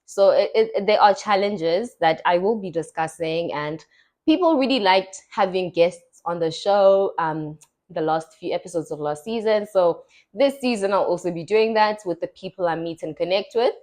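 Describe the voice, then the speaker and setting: Young woman podcasting, chatty storyteller, lowish voice. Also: moderate pace, darkish tone. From South Africa. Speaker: podcast host. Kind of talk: casual chat.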